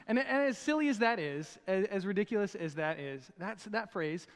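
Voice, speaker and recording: Male pastor, high voice, relaxed joking sermon delivery, long church reverb. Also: moderate pace, clean tone. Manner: conversational, joking preacher. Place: church auditorium.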